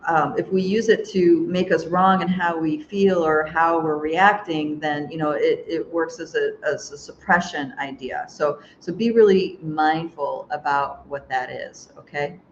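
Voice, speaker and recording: A woman's voice: low-pitched, steady tone, a little slow, hardly any pauses. Woman host with a dull, lo-fi sound. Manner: rambling storytelling, laughs often, many restarts. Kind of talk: live spiritual chat, reading viewer comments. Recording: dull lo-fi sound with faint hiss.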